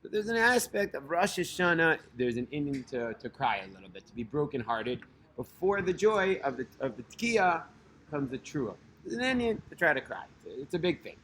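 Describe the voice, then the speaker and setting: A storyteller host tells a personal religious story in a very animated way at normal speed, his voice high and a bit bright against slight background noise. He keeps it casual and conversational, with many fillers, restarts, and Hebrew terms.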